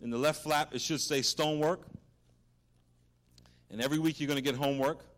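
A man preaching as a pastor, swinging from loud animated exhortation to a hushed prayer. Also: a little high, a little fast. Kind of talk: sermon.

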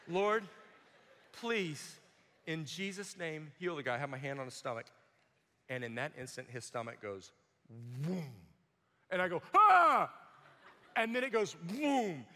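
The sound is that of a big room as a young man preaches, relating his personal testimony. He brings it to life with acted voices, spirited storytelling, and shouts at the peaks.

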